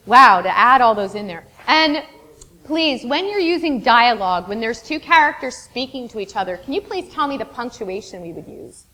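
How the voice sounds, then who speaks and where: Very animated and sharp in tone, a woman with a fairly high voice runs an interactive lesson in a classroom with a board. She's encouraging, frequently praises answers, and sometimes lists words rapidly in long strings.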